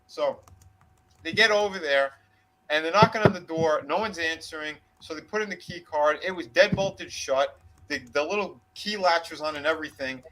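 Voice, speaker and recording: A man's voice: on the high side, normal speed, fairly bright tone, slight background noise, poor audio. A man casually retelling a backstage story on a wrestling discussion podcast, swearing freely and slipping into quoted voices. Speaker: podcast co-host.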